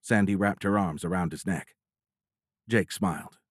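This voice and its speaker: A man narrating a military science fiction audiobook in a steady, measured storytelling voice. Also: low voice, dry recording, clean studio sound.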